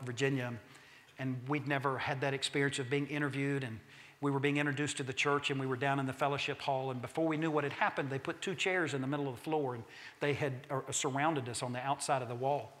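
A man preaching a sermon in a church, an emphatic storyteller who slows down for key points and drops humorous asides. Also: medium pitch, a bit bright. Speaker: pastor. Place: church sanctuary. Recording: long reverb of a church sanctuary.

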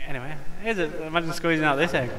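A young woman playing a game and teasing her friend with quick, dry jokes. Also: low voice, over a noisy crowd, rough recording. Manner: teasing, wisecracking, quick gasps. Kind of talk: casual chat and teasing over gameplay.

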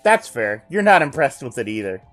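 A man streaming himself reading a text adventure aloud, his voice pitched at an ordinary middle height. He slips from narration into joking side comments, with faint music playing behind him. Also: sing-song, a little fast, fairly bright tone. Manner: joking asides between narration.

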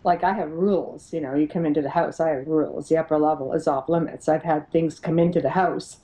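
Animated middle-aged woman telling spooky stories. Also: low-pitched, brisk, rough recording. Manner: animated, laughs often, acts out quoted voices. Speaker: paranormal investigator guest. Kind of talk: storytelling in an interview.

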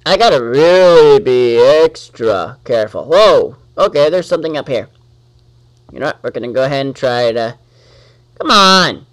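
A man giving let's-play commentary on his gameplay, talking to the enemies on screen and quickly getting annoyed. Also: medium pitch, expressive. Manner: talks to the enemies on screen, easily annoyed, exclaims.

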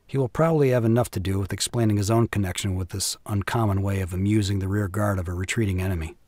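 A man voicing a weary army colonel who speaks quietly and flatly. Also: on the low side, quick pace, no echo, voice pushed down, lightly acted. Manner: quiet, flat, clipped. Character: stern, weary older male army colonel.

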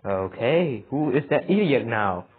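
A man with a husky, mid-pitched voice drawls through a horror game at a slow pace. He keeps up a running self-talk and bursts into yelps and laughs when something jumps out. The sound is thin and phone-like. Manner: excitable, yelps and laughs at scares, talks to himself. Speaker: gamer playing a horror game. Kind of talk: let's play commentary. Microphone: phone mic.

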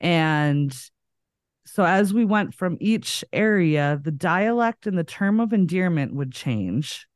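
A woman's voice: lowish voice, expressive, slow pace, dry recording. Podcast host, woman, light Minnesota accent, rambling storyteller, dry close sound. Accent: slight Minnesota. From northern Minnesota. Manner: chatty, rambling storyteller who laughs often. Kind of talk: casual chat.

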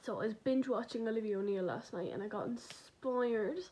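A woman's voice: on the high side, moderate pace, warm tone. A young woman, chatting casually and rambling with self-deprecating humor in a vlog filmed on her phone at home. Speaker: vlogger. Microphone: phone camera.

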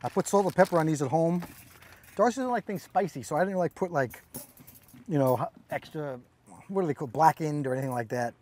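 A middle-aged man with a New York accent, chatting and joking while cooking outdoors on a boat, talking fast and mumbling his words together. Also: fairly high pitch, darkish tone. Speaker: co-host of a fishing channel. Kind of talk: casual chat while cooking.

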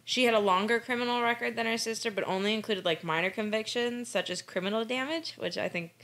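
A woman's voice: a little high, fast talker, a bit bright. An American woman co-hosting a true-crime podcast in a loose, joking chat. She swears freely and laughs often as she recaps the case in an easygoing, conversational way. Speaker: podcast co-host.

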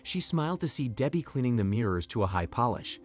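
A man giving scripted story narration in an even, clear delivery. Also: medium pitch, brisk, soft background music.

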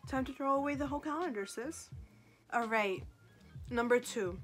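A woman's voice: fairly high pitch, moderate pace. A woman vlogger chatting casually to camera in a sassy, joking, self-mocking way. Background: faint background music.

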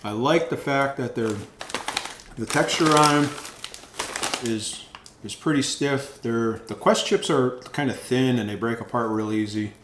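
A man's voice: medium pitch, unhurried, fairly bright tone. Guy doing a chatty snack review vlog, repeats himself, roomy sound. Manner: rambling, repeats words, many ums. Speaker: food reviewer, channel host. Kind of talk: casual product review vlog. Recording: echoey room with faint noise.

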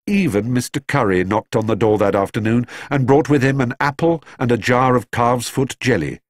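A man narrating a children's story aloud in a lively, expressive storytelling manner. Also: fairly low pitch, no echo. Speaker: audiobook narrator. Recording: dry close studio sound.

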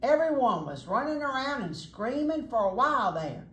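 A woman's voice: on the high side, very animated, moderate pace, a bit bright. A woman reading a children's picture book aloud as a chatty storyteller, pointing out the pictures as she goes. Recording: echoey room, faint noise.

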